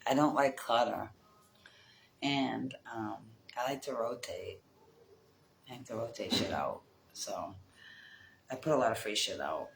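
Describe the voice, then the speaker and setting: A woman's voice: a bass voice, unhurried, vocal fry, pauses often, a little hiss or hum, low-quality recording. A middle-aged woman from the United States, telling stories in a casual vlog in a rambling, profane way and laughing often. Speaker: vlogger. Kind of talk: casual storytelling chat.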